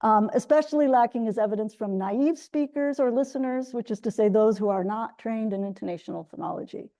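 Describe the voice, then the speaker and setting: A woman's voice: fairly high pitch, fairly quick, mellow. A woman giving an academic lecture as a guest speaker. She explains methodically and often restarts her phrases.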